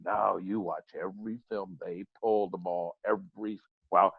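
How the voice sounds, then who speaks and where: A man's voice: low-pitched, fairly even intonation, normal speed, creaky, breathy edge, no room sound. An older man, a guest on a podcast, explaining baseball hitting in an emphatic, matter-of-fact way. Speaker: guest, former ballplayer and hitting coach. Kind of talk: casual podcast conversation. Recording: slightly dull, lo-fi sound.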